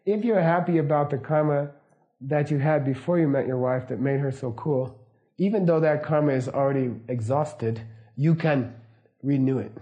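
A middle-aged man giving a casual, anecdotal teaching talk, relaxed and laughing often. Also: a little high, normal speed, lo-fi sound. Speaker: Buddhist teacher.

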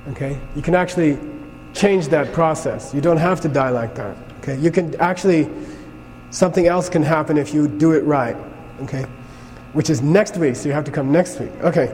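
A man with a fairly high voice gives a classroom lecture, talking in a loose, conversational way. He keeps checking in with his listeners as he explains. His voice carries a long hall reverb over a faint background ambience. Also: moderate pace, a little mellow, a little hiss or hum. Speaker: Buddhist teacher.

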